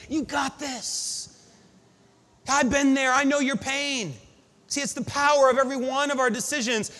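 A man preaching a sermon to his congregation, building up to shouted refrains. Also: extremely high pitch. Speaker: pastor. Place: church sanctuary. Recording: long hall reverb.

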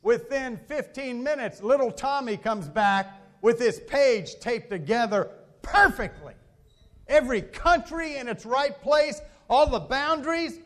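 A man's voice: very high-pitched, expressive, measured pace, fairly bright tone. A man preaching a sermon, telling stories with animation and acting out the voices of the people in them. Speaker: pastor.

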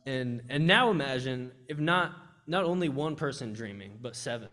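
An earnest young man shares a testimony during a church service. He speaks from the heart at a middle pitch, often restarting his sentences as he goes. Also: animated, normal speed, pushed and bright. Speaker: campus ministry speaker.

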